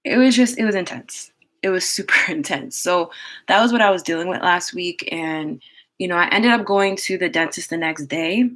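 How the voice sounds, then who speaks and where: A woman's voice: lowish voice, moderate pace, fairly bright tone, low-quality recording. A woman beauty vlogger telling a personal story while doing her makeup, chatty and full of fillers, laughing often. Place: home, doing makeup in front of the camera.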